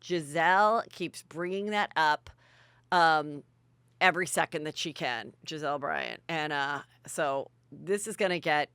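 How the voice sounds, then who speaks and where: A woman host recaps gossip in a breezy, bawdy chat. Her voice is a little low for a woman, yet bright and forceful. The sound is close and dry, with no room around it. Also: a little slow, clear, resonant tone, no echo. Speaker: podcast host.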